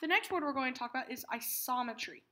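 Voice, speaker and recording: A woman teaching a math lesson, patiently explaining terms and repeating key words slowly. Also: high voice, lively intonation, bright, forceful tone.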